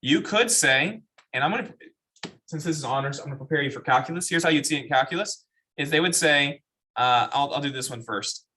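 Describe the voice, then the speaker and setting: A man's voice: on the high side, a little fast, sharp tone. A man teaching a math class, explaining step by step and asking the students questions. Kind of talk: classroom lecture.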